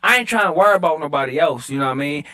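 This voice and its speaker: A man from Baltimore with a high, bright voice speaks on a podcast after a few drinks. He keeps repeating his opening words to hold the floor, then talks with earnest conviction. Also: expressive, rapid-fire. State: a little drunk. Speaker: podcast guest, entrepreneur. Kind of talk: loose tipsy podcast chat.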